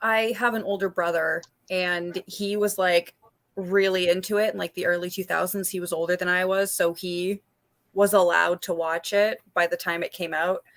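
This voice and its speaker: Uma mulher de uns trinta anos, convidada de um bate-papo ao vivo, falando de forma descontraída e rindo com facilidade. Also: female voice, fairly low pitch, fairly even intonation, normal speed, a bit bright. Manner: chatty, laughs easily, fillers like "like". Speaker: panel guest. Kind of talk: casual livestream panel chat. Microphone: video call.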